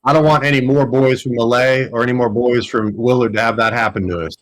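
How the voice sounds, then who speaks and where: A man's voice: medium pitch, steady tone, quick pace, lightly acted. A man voicing an earnest adult male survivor in a tabletop game, making a blunt, persuasive plea for peace.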